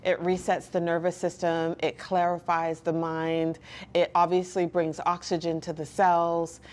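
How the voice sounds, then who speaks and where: Earnest woman guest, slightly low voice. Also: level tone, darkish tone. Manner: earnest and reflective, often pausing and restarting. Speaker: guest, licensed counselor. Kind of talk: candid personal interview talk.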